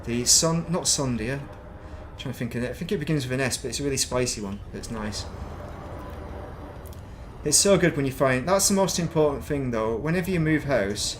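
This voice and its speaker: A middle-aged man talks loosely and chattily as he streams a game, wandering from one thought to the next. His pitch sits right in the middle for a man. A faint hum of ambience runs under his voice. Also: lively intonation, moderate pace. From northern England. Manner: rambling, chatty, self-mocking. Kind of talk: casual chat while streaming gameplay.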